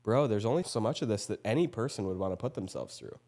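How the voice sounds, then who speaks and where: Laid-back young man, lower voice. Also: expressive, fast, warm tone. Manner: laid-back, lots of "like" and "bro", acts out quotes. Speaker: podcast host. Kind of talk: casual podcast conversation.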